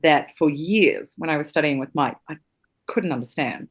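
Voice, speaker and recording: A woman from New Zealand, an acting teacher, telling stories in a casual interview, animated and swearing freely. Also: low-pitched, moderate pace, breathy edge.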